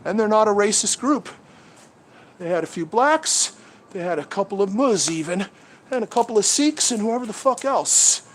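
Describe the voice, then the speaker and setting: Animated and speaking at a normal speed in a high-sitting voice, this livestream host is out among the trees with a head-mounted camera. His talk is a heated, rambling rant full of profanity.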